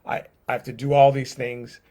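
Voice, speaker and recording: A man speaking as a gentle, grieving teacher figure, quiet and earnest as he pleads with a friend. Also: medium pitch, little pitch movement, normal speed, natural voice. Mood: pleading.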